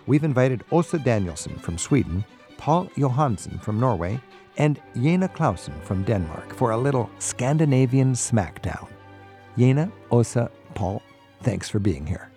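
A man's voice: medium pitch, big pitch swings, moderate pace, warm tone, faint music behind. A man hosting a radio talk show, asking questions in a jovial, inquisitive way. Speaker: radio host.

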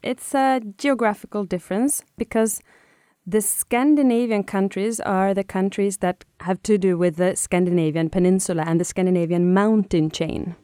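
Swedish woman guest, mellow dark voice, dry studio sound, explains stuff confidently. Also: medium pitch, fairly even intonation, moderate pace, dry recording. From Sweden. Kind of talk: radio talk interview.

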